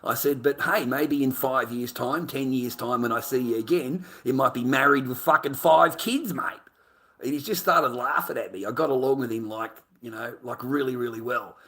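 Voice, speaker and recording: A man's voice: mid-range voice, normal speed. An Australian man rambling through an anecdote, swearing freely and calling the listener "mate" often. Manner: profane, excitable storyteller who says "mate" a lot. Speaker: vlogger.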